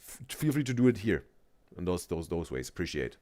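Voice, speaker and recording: A man's voice: deep voice, sing-song, fairly quick, mellow. A man hosting a live reaction stream, chatting loosely with viewers and thinking aloud as he talks. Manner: rambling, chatty, addresses chat viewers directly. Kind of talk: casual live-stream commentary.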